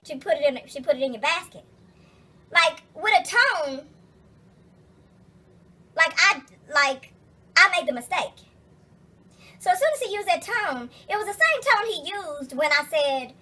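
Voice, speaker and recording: A woman's voice: high-pitched, animated, brisk, sharp tone. A young adult woman vlogger retelling a story as a rant, profane, emphatic and exasperated.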